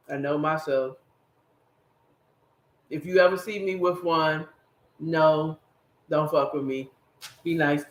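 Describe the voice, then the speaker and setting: A man's voice: high voice, fairly bright tone. A man hosting a podcast, rambling and emphatic as he talks straight to his viewers in a casual solo commentary. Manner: rambling, emphatic, speaks directly to the audience. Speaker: podcast host. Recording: echoey room.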